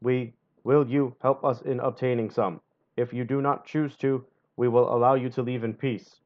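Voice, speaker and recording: A man's voice: medium pitch, fairly even intonation, moderate pace, highs cut off, natural voice. A man voicing a short, big-eared male alien leader, reading his lines in a stiff, formal way. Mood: pleading.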